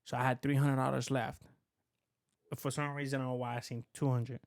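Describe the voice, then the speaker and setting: A man's voice: medium pitch, level tone, brisk, gravelly, no echo, clean studio sound. A man in casual podcast chat, rambling and profane, restarting his sentences as he tells a story. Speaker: podcast co-host.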